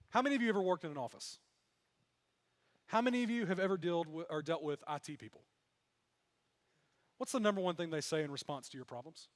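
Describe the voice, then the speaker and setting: A man's voice: very high-pitched, big pitch swings, brisk, a bit bright. A man preaching a sermon as pastor, telling the story with animation and acting out what the characters say. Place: church hall. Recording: long reverb of a church hall.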